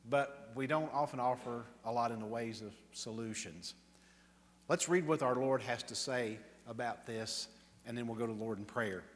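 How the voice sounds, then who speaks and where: A man preaching as pastor at an evening church service, in an earnest, warm manner, reading scripture aloud and praying softly. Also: medium pitch. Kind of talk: sermon. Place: church sanctuary. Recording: reverberant church hall.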